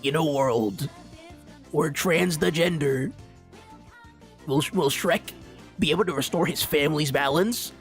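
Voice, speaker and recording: A man voicing a male movie-trailer announcer with a portentous, drawn-out delivery. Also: fairly high pitch, soft background music.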